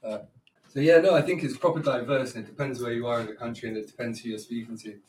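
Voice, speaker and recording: A man in casual chat as a podcast guest, relaxed and slangy with many ums. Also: mid-range voice, fast talker, far from the mic. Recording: roomy and off-mic with faint noise.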